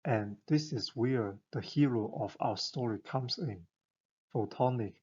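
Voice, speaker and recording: A man narrates an explainer in an enthusiastic, conversational way, posing rhetorical questions as he goes. His voice is husky and unhurried. The recording sounds a little dull and lo-fi. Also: medium pitch, a little mellow.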